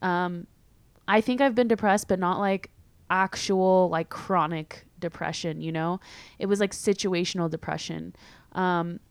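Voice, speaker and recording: A young woman hosting a podcast, talking casually and candidly with many fillers and quick laughs. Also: on the low side, fairly even intonation, clear, resonant tone, no echo. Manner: chatty, filler-heavy, candid, laughs easily. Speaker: podcast host. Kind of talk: casual solo podcast chat.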